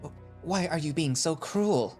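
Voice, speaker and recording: A man's voice: a little high, lively intonation, unhurried, a little mellow, soft background music, voice pushed up. A man playing an anxious young man who stammers and pleads in a raised voice. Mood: distressed.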